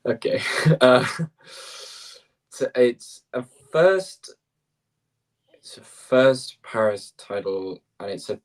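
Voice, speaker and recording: A man calling live tennis play-by-play as co-host, brisk and quick to correct himself with apologetic asides. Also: medium pitch, sing-song.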